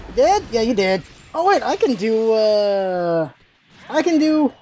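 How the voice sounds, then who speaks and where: A gaming video host calling out live gameplay, excitable and shouting, repeating calls and teasing opponents. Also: medium pitch, unhurried, slight background noise. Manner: teasing, talks to enemy players.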